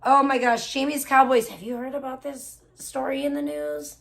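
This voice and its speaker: A woman hosting a casual livestream who swears freely and slips into high baby talk with her cat. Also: steady tone, moderate pace, vocal fry, few pauses, a bit bright. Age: adult, older than most of her chat. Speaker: livestream host.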